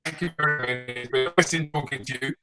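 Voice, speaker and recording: A man hosting a chat show, talking in a halting, apologetic way. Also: medium pitch, music in the background, low-quality recording. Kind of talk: casual chat.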